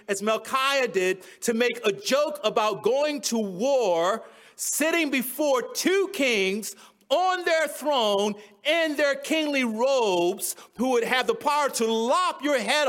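A man with a notably high voice delivers a sermon, walking his listeners through a scripture passage verse by verse. He retells the story in casual, modern words and laughs along at his own humor. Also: a bit bright. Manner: chuckles at his own jokes. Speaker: preacher. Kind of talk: expository sermon.

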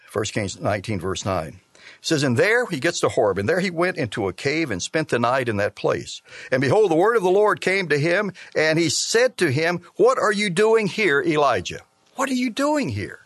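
Animated male preacher in a dry room. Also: mid-range voice, no echo. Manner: measured Bible teaching, reading scripture aloud with animated emphasis. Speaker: pastor. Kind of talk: sermon.

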